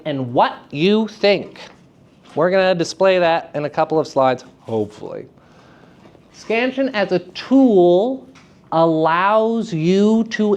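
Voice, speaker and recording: A man teaching a classroom workshop in an unhurried, chatty way, poking fun at himself and quizzing the students as he goes. His voice sits a little high for a man. The recording is dull and lo-fi. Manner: chatty, self-deprecating, asks the students questions. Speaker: drama teacher giving a workshop. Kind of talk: live classroom lecture. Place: school room with students.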